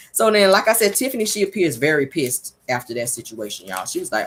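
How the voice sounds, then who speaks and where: Sassy woman with a lively voice. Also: deep voice, fast, hardly any pauses, husky. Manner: sassy, animated, gossipy. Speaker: reality show reviewer. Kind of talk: casual recap commentary.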